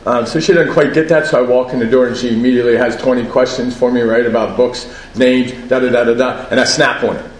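A man's voice: mid-range voice, steady tone, fast talker, few pauses, reverberant, poor audio. A man giving a personal share at a recovery meeting, conversational, often asking "right?" and laughing at himself.

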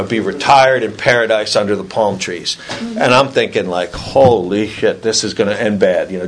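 A man's voice: fairly low pitch, a little hiss or hum. A man sharing a story at a recovery meeting, acting out other people's lines in raised voices. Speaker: AA speaker sharing his story.

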